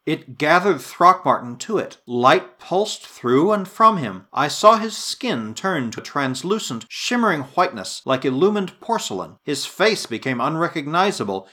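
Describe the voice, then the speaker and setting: Guy reading an old adventure story out loud, lively up and down voice, dramatic. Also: fairly high pitch, normal speed, few pauses. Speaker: audiobook narrator. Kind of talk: scripted narration.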